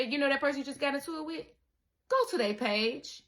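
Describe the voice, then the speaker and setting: Animated swearing woman preaching to viewers. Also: a little high, fast. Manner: animated, swearing, calls listener baby, acts out quoted people. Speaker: spiritual content creator. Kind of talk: casual spiritual monologue to viewers.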